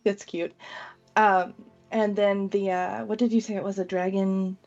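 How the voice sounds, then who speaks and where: A woman with a warm, mellow voice plays in a tabletop game, hedging her words with plenty of fillers. The recording sounds dull and lo-fi, with faint music behind. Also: medium pitch, level tone, unhurried. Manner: hesitant, filler-heavy. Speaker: player. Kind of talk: casual tabletop play.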